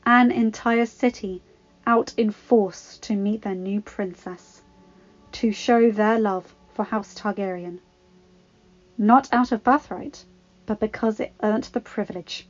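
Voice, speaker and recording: Woman calmly narrating a story. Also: mid-range voice, takes it slowly, lo-fi sound. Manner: calm, even storytelling. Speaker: fan fiction reader.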